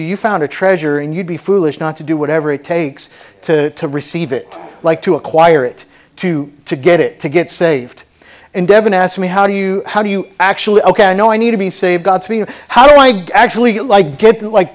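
High-voiced preacher, fervent. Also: male voice. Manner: preaching with rising intensity, conversational asides. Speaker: pastor. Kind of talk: sermon. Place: church sanctuary.

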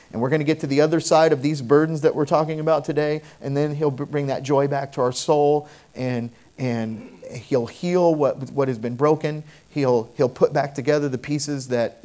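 A middle-aged man preaching a sermon as pastor, swinging between quiet reflection and loud, emphatic declarations. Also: medium pitch.

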